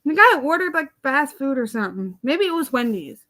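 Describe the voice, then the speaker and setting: A woman chatting casually on a livestream and telling a story in an animated, exasperated way. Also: high-pitched, brisk. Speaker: live streamer.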